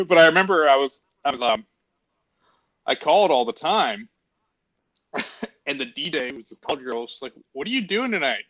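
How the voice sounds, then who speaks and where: A man's voice: mid-range voice, normal speed, long pauses, a bit bright, no room sound, poor audio. Man, chatty guest, casual storytelling, mid-range voice, dry close sound. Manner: chatty, laughs through his stories.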